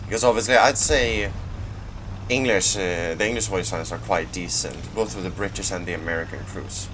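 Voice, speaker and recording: A Swedish man, just woken up and a bit groggy, commenting casually on his gameplay with a laid-back, rambling manner and sudden loud outbursts. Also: low voice, moderate pace, a little hiss or hum. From Sweden. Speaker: gaming channel host.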